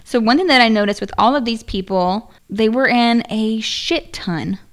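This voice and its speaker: A woman's voice: on the high side, moderate pace. A woman co-hosting a podcast, chatting casually, swearing now and then and reading credits from her notes. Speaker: podcast co-host. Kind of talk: casual chat.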